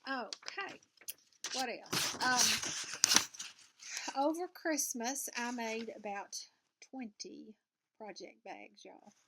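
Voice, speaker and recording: Speaking slowly with frequent pauses and some vocal fry, this older Southern US woman has a voice on the high side, and the recording is very noisy. She's a cross-stitch vlogger chatting to camera indoors in her sewing room, folksy and meandering.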